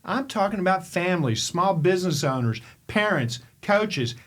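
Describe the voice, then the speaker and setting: He's an older podcast host and coach from Kentucky whose voice sits high as he speaks at normal speed. Animated and emphatic, he tells a story in monologue form, peppered with rhetorical questions.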